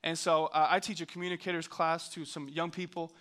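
High, bright-voiced hyped young preacher man. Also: fairly quick. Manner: hyped, joking, animated storyteller. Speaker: youth pastor. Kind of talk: energetic sermon storytelling.

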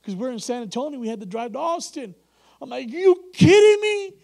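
A man preaching in an animated way, his voice sitting high for a man. He acts out the people in his story and breaks into laughs as he goes. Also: fast, creaky. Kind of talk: sermon storytelling.

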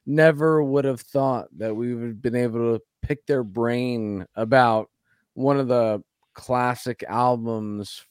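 A man's voice: mid-range voice, fairly even intonation, slow pace, a little mellow, clear, resonant tone, no room sound. Laid-back male podcast host. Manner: laid-back, agreeable, says "dude" often. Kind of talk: casual podcast chat.

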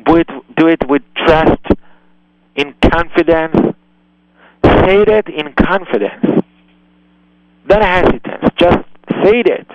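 A man hosts a radio advice segment, slowly and earnestly explaining how to handle a child, with emphatic repetition and slightly non-native phrasing. His voice sits a little high for a man. The sound is dry and muffled, like a lo-fi radio broadcast. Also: no room sound. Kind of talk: call-in advice talk.

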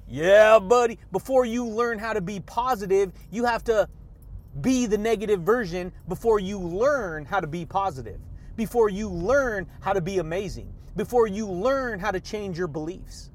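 A man hosting a motivational podcast monologue, hyped and energetic, laughing often and shouting catchphrases. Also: high voice, moderate pace. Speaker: podcast host.

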